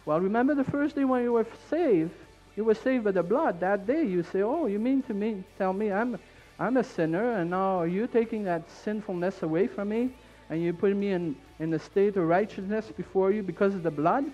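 A man with a French Canadian accent preaching a fervent sermon in church, repeating his points and building up to shouts. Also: high-pitched, moderate pace, hardly any pauses, dull audio, faint music behind.

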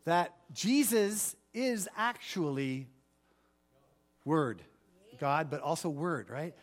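High-voiced man preaching a fervent sermon. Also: lively intonation, slow pace. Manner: preaching with rising fervor, commanding declarations; asks the congregation for responses. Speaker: pastor.

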